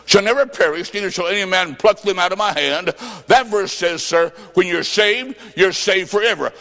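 A man preaching a sermon, telling stories and acting out both sides of a conversation, jokey and emphatic, swinging between loud and soft. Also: sits high, normal speed, creaky, big-room sound.

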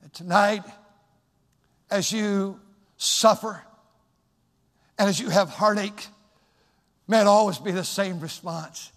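A man preaching a sermon in a church, fervent and building to shouts. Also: sits high, fairly even intonation, slow pace, long pauses, in a large hall.

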